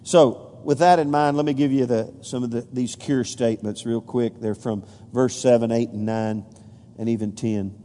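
A man's voice: medium pitch, steady tone, moderate pace, dark tone. Man preaching in an echoing hall. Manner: folksy preaching with many fillers and restarts, rising emphatically on scripture. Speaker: pastor. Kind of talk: sermon. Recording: long reverb of a large hall.

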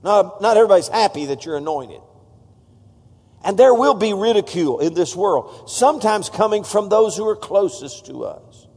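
A man's voice: high-pitched, animated, normal speed, darkish tone, slightly rough, big-room sound. A man preaching a sermon, exhorting the congregation with call-outs. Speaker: pastor.

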